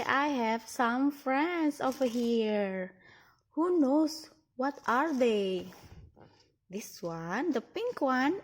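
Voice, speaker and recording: A woman preschool teacher with an Indonesian accent, talking to toddlers in a slow, sing-song, encouraging way. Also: sits high. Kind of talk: toddler lesson. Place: classroom, indoors.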